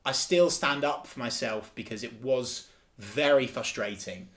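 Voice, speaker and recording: A man's voice: medium pitch, a little slow, fairly bright tone. A man co-hosting a football podcast, talking in an enthusiastic, emphatic way and often repeating himself. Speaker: podcast co-host. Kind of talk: casual football chat.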